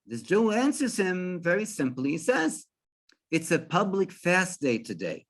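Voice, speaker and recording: A man, a rabbi, telling a religious story in an animated way with frequent restarts. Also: fairly high pitch, unhurried.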